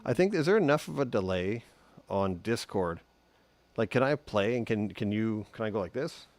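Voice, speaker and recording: A man giving a relaxed, chatty guitar lesson on a live stream, humming note sounds as he explains. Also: lowish voice, normal speed. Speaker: guitar teacher.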